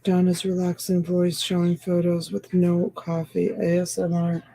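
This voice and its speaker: A woman's voice: lowish voice, monotone, unhurried, creaky, mellow, poor audio. A woman hosting a live-stream sale, chatting casually and rambling as she comments, sleepy and yawning.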